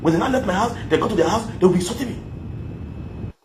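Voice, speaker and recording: Fast-ranting Nigerian man, high voice. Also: animated, noisy background. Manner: boastful, crude and mocking, repeats phrases. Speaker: vlogger. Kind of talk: ranting monologue to camera.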